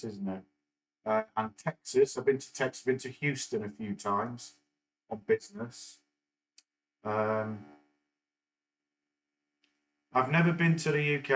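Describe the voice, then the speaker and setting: A man's voice: medium pitch, poor audio. A middle-aged man from England, chatting casually on a live stream and rambling with many fillers and restarts. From northern England. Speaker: stock market livestream host.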